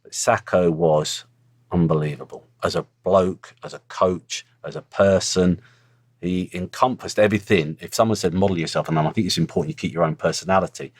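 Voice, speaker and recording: Blunt middle-aged ex-pro, very low voice, close dry sound, casual storyteller. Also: male voice, steady tone, a little fast, no echo. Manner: blunt, earthy storytelling with swearing. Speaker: former footballer, guest. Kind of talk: casual interview chat.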